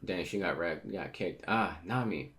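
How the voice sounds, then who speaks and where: Reading through a manga with loose commentary, this host reacts as events unfold and tends to trip on his words. His voice is deep and gravelly yet a touch bright, a little slow, keeping low with a rough fry as phrases trail off.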